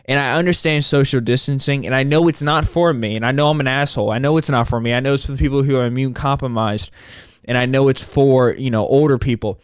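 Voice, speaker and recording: Speaking fast and in a steady tone, a twenty-something podcast host rambles through a solo episode, frustrated and cursing frequently. His voice is smooth, clear, and mid-pitched. The recording is close and dry.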